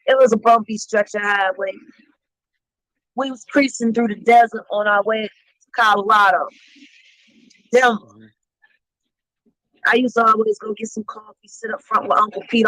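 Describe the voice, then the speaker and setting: A woman's voice: mid-range voice, a bit bright, no echo, poor audio. A woman telling a story in blunt, emphatic, heavily profane casual talk. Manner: blunt, emphatic, heavy cursing.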